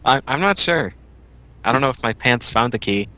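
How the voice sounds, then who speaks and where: A man co-hosting a casual chat show, trading deadpan jokes. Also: mid-range voice, moderate pace, poor audio. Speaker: podcast co-host.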